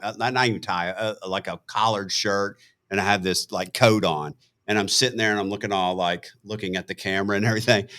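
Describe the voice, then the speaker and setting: A man's voice: on the low side, bright, forceful tone. A man hosting a casual interview, telling stories and often laughing and affirming his guest. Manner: chatty storyteller, laughs often, affirms with "yeah". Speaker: host.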